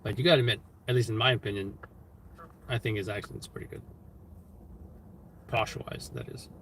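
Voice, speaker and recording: A man's voice: lowish voice, steady tone, fast talker, fairly bright tone, slight background noise, low-quality recording. A man hosting a live stream, chatting casually and rambling, often stopping to correct himself as he muses aloud. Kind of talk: casual chat while streaming. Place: street-level city live stream.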